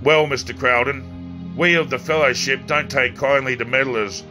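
A man voicing a calm, sinister male cult leader speaking over the phone, measured and coolly threatening. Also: medium pitch, music in the background, close to an everyday voice. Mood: coolly menacing.

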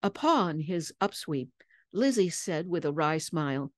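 A woman voice actor giving a measured, expressive dramatic reading of a story. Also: deep voice, no echo.

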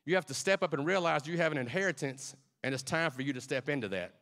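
A man's voice: fairly high pitch, fast, a bit bright. A male preacher delivering a fervent, conversational sermon that turns to emotional personal storytelling.

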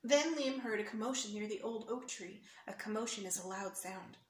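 A woman's voice: mid-range voice, moderate pace. Woman reading a picture book aloud. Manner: explains words and points at pictures for kids. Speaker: storyteller for children. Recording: echoey room, faint hiss.

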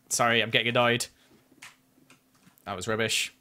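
At a medium pitch and ordinary speed, a man speaks with a sharp tone. It's live game-stream commentary where he picks apart his own play and bursts out when he just misses.

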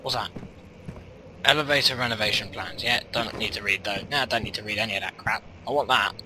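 A man's voice: fairly low pitch, a little fast, noisy background. A young man commentating his gameplay, rambling and self-mocking, often muttering half to himself. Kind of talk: let's-play commentary. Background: game music.

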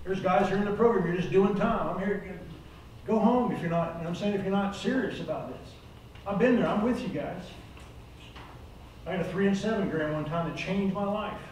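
Older guy preaching, plain talk, kinda high voice, echoey room, mic far off. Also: fairly quick, a little mellow, slight background noise. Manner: earnest, plain-spoken, rises to urgent exhortation. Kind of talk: sermon.

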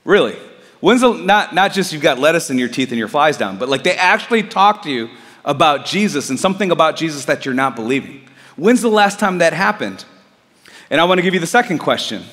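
A man's voice: on the high side, a bit bright, long reverb tail. A man preaching a sermon in an earnest, conversational way, asking his listeners repeated questions. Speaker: pastor.

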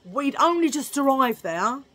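A woman's voice: sits high, very animated, moderate pace, fairly bright tone. A woman vlogger telling a rambling story in a chatty, jokey way, laughing at her own remarks.

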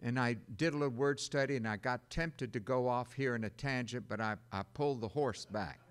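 An older man preaching a sermon in an animated way, slipping into loud mock-panicked voices. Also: medium pitch, a little fast, clear, resonant tone. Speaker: pastor.

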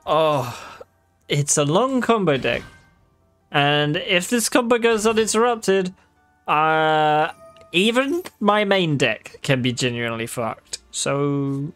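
This gaming video creator offers casual, wry commentary on his own gameplay, swearing freely and addressing his viewers directly. His voice is fairly high and fairly bright.

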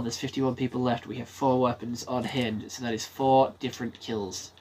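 A man's voice: medium pitch, little pitch movement, moderate pace, few pauses, darkish tone, slight background noise. A man giving casual gameplay commentary, swearing freely and talking himself through a match. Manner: swears freely, talks to himself while playing. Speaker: gaming streamer.

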